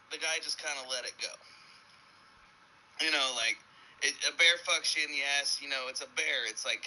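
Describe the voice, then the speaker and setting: A man's voice: a little hiss or hum, low-quality recording. A young man telling crude jokes to friends, acting out the characters with big jumps in his voice. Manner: animated storytelling, acts out characters with big pitch jumps. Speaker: joke teller.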